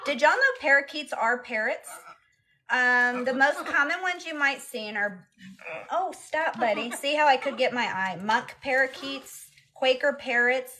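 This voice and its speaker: A woman's voice: high-pitched, measured pace, pushed and bright. A young woman chatting casually on a live stream, cooing baby talk to her pet bird between answers to comments. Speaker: parrot owner live streamer.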